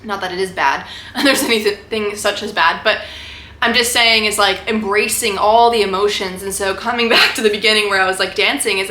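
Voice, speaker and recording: A woman's voice: medium pitch, sharp tone. A young adult woman vlogging, talking fervently and rambling, full of "like" and "right?". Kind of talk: impassioned spiritual monologue to camera. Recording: echoey room with faint background noise.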